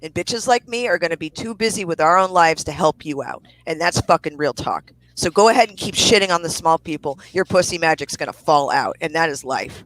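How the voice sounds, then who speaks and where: A woman's voice: deep voice, lively intonation, fairly quick, few pauses, a bit bright, no room sound, rough recording. A woman co-hosting a podcast, ranting angrily with lots of swearing. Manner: profane, heated ranting. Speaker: co-host. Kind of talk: angry podcast rant.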